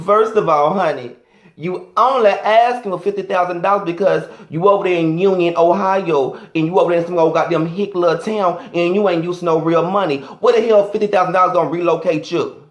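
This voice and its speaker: A man's voice: sits high, a little fast, roomy sound. A man doing a sassy, flamboyant, profane comic rant as a vlogger.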